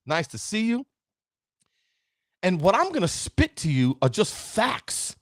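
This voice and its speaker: A man's voice: high-pitched, wildly swooping pitch, slow, no room sound, clean studio sound. A man giving a live-streamed motivational talk, emphatic and preachy, often asking "right?" and greeting viewers by name. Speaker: motivational speaker.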